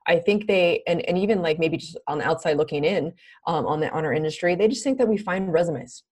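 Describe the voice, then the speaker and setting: A brisk, husky woman in her thirties with a fairly low voice, guesting on a podcast. She founded a recruiting firm and tells casual interview stories with lots of animation, laughing often and acting out the voices of people she quotes.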